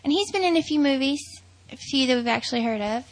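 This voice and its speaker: Chatty Southern woman with a gravelly edge. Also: high voice, lively intonation, fast talker, poor audio. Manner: chatty, teasing, laughs often. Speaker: podcast co-host. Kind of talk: casual chat.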